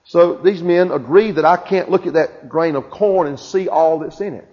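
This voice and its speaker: A man with a high voice preaches with fervent, swelling emphasis, often putting questions to the people before him. The sound is muffled and lo-fi. A long reverb trails his words through a hall. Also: normal speed, darkish tone. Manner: fervent, rising and falling emphasis, questions to the congregation. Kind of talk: sermon.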